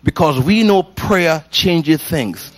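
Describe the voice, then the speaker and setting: A man's voice: a little high, lively intonation, slow pace. Jamaican man, laughing gospel pianist guest. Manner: warm-hearted, laughs often, exclamatory. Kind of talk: casual faith interview.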